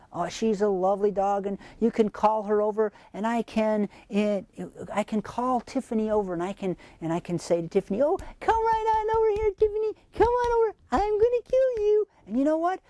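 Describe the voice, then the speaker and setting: A man hosting a parenting advice talk, coaching gently and asking many rhetorical questions. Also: high voice, no room sound.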